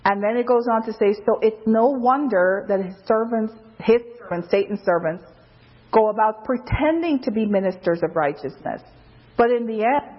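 A woman preaching an informal sermon, loose and conversational, with many fillers, who jumps higher in pitch when she quotes someone. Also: husky. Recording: dull lo-fi recording.

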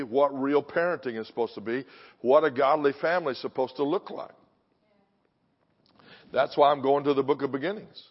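An older man preaching a sermon in a punchy, confrontational style, pressing the congregation with questions. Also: fairly high pitch. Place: church sanctuary. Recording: dull sound with long hall reverb.

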